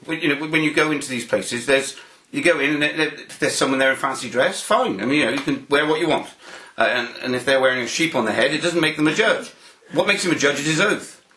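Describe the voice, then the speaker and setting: A man's voice: on the high side, quick pace, pushed and bright, reverberant, rough recording. A man giving an interview, telling a long anecdote in a rambling way, with many restarts and fillers. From United Kingdom. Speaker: interview guest.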